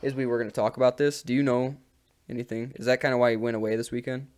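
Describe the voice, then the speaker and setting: A man co-hosting a comedy podcast, needling his guest with mock-serious questions. His voice sits at an ordinary middle pitch for a man, easygoing and conversational. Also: fairly even intonation, fast, a little mellow. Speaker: podcast co-host. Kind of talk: casual comedy chat.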